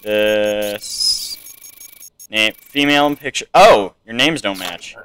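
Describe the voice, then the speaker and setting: A man talks through a game at an unhurried pace, thinking aloud and ticking items off to himself. His voice is bright and smooth. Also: lowish voice, lively intonation. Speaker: game player. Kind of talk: casual gameplay commentary.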